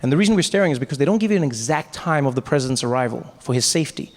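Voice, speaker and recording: A man performing stand-up comedy, telling a story in an animated way. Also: medium pitch, rapid-fire. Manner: animated, big voice swings for characters.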